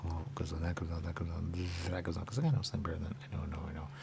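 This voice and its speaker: This deep, creaky male voice belongs to a radio talk host who talks very fast and flatly against a noisy background. He wanders through a stream-of-consciousness monologue, keeps falling back on "there you go," and sometimes slips into a whisper.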